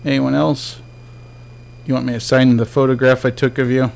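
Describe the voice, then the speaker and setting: A man streaming a game with casual, joking commentary. His voice sits at a middle pitch with a gravelly, fry-edged texture, and he chats freely, even talking back to the ghosts on screen. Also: moderate pace. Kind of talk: casual let's-play commentary.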